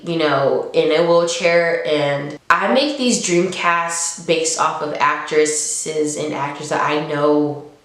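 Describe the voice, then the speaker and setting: A woman giving a casual book review on her vlog, chatty and laughing often, her voice jumping up when she gets excited. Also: low voice. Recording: very echoey room.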